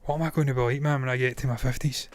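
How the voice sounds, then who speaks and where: A man's voice: mid-range voice, fairly even intonation, very fast, dry recording. Blunt, tired-voiced man in his thirties. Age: 30s. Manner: blunt, swears freely, opinionated. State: tired, strained voice. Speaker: film reviewer and live-streamer. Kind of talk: casual live-stream chat.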